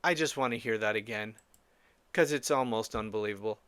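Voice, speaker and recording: A man's voice: on the low side, brisk, noisy background. A man hosting a solo political commentary podcast, blunt, scornful and profane, rambling with frequent restarts. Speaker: podcast host.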